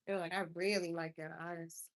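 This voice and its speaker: A woman's voice: fairly low pitch, little pitch movement, normal speed. Chatty woman livestreaming her makeup. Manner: chatty and effusive, reacts to viewers and gifts. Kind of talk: casual livestream chat with viewers. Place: inside a car.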